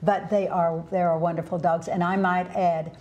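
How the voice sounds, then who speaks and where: A woman's voice: lowish voice, little pitch movement, moderate pace, lo-fi sound. A middle-aged woman hosting a television talk show about dogs, chatting casually with restarts as she tells stories. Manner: chatty, warm-hearted storytelling about dogs with frequent restarts. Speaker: TV show host. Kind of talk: casual interview chat.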